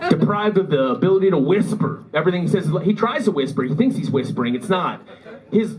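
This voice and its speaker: A man's voice: on the high side, poor audio. A man performing a stand-up comedy set in a club, telling rambling, self-deprecating stories with a Midwest American accent. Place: comedy club with a live audience. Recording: live club recording with crowd. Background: audience laughter.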